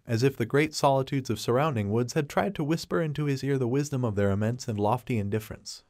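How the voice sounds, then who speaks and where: A man's text-to-speech voice giving a steady, even audiobook narration. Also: medium pitch, no room sound, clean studio sound. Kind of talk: scripted narration.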